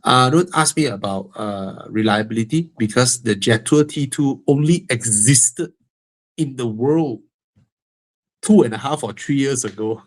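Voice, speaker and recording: This host, a man with a Malaysian English accent, answers car-buying questions in a live Q&A stream. His voice sits at medium pitch and moves a little slowly, his tone frank and humorous, with heavy breathing from a stuffy nose.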